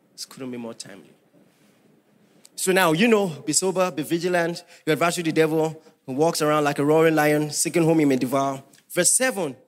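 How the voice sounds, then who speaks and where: Male pastor, sermon, emphatic questions to the congregation, high voice.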